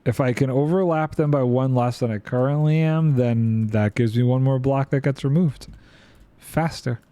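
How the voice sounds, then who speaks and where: A man's voice: mid-range voice, moderate pace, dark tone, no room sound. A man streaming a building game, chatting playfully and thinking aloud while reading chat. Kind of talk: casual gameplay commentary.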